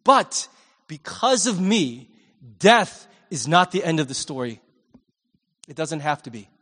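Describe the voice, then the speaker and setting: A man preaching a sermon in a church, conversational and animated, swinging between loud and hushed. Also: on the high side, a little slow, long reverb tail. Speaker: pastor.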